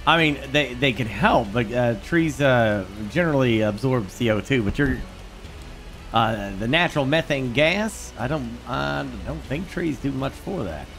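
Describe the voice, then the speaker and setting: A man's voice: mid-range voice, lively intonation, measured pace, fairly bright tone, soft background music. Hesitant, stammering man in role-play. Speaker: role-play player acting as an inspector. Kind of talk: in-character role-play chat.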